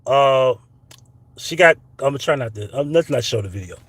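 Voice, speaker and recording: A man hosting a commentary vlog, telling a personal story in a casual, profane, animated way. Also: medium pitch, moderate pace, noisy background. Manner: profane, animated, tells a story with acted quotes. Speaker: commentary channel host.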